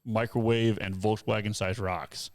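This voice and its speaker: Gravelly-voiced man telling a trail story. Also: unhurried, no echo. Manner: animated storyteller, acts out others in a high voice. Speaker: podcast host. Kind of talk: casual storytelling chat.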